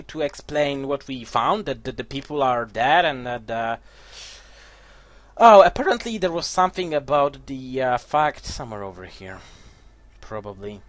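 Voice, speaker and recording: A man with rambles through a card game campaign, joking and restarting his sentences as he goes. His pitch leaps around with animation and sits a little high. The sound is dry and close to the mic. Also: no echo. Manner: rambling, stumbling restarts, jokey. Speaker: gameplay commentator. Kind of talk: casual game commentary and story reading.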